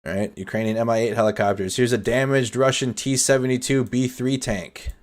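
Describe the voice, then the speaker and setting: A man hosting a nightly war update live stream, commenting over footage in a casual, energetic, chatty way. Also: medium pitch, a little fast, faint music behind.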